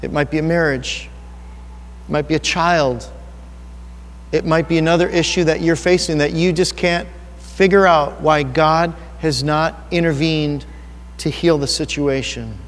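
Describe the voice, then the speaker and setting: A pastor preaches in an earnest, personal, conversational way, posing rhetorical questions to his listeners. His voice is a little high, fairly even in intonation and unhurried, and a long hall reverb surrounds it.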